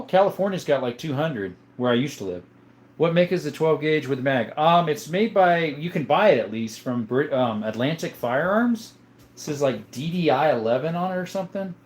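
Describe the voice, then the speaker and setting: A man hosting a casual livestream from home, reading viewer comments aloud in an easygoing way, chuckling often and thinking out loud. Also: mid-range voice. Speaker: livestream host.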